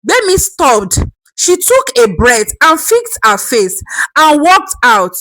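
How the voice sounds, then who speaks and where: A woman's voice: high-pitched, sing-song, slow pace, fairly bright tone, dry recording, poor audio. A woman narrating a folktale dramatically, with asides to the listener. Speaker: storyteller.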